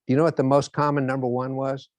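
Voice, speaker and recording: With a quick pace and medium pitch, a motivational speaker tells stories in his lecture, acting out the scenes in an animated way. The recording is dry.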